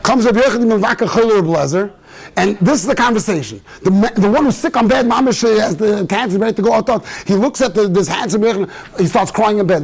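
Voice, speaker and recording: Speaking fast in a high-pitched voice with a breathy edge, a rabbi tells stories during a casual Torah talk in a synagogue study hall. He mixes Yiddish and Hebrew words into his speech.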